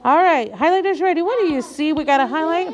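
A woman teacher leading a reading lesson for young children, talking slowly and clearly and drawing out each word patiently. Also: high voice, animated, muffled recording.

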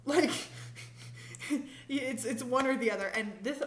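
A woman's voice: sits high, takes it slowly. A young woman hosting a casual vlog, telling a story in a rambling way with lots of fillers and restarts. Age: young adult. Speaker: vlog host. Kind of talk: casual chat. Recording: echoey room, faint hiss.

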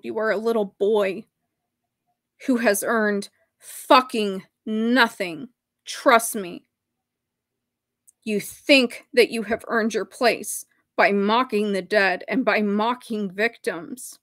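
A woman's voice: on the high side, a bit bright, dry recording, clean studio sound. A woman delivering an angry, contemptuous callout rant straight to her viewers, cutting and emphatic. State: emotional, voice straining. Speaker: video creator. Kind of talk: direct-to-camera callout rant.

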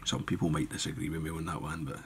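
Man, deep voice, calm tying tutorial, talks through each step, faint background hiss. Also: fast, vocal fry. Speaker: fly-tying instructor.

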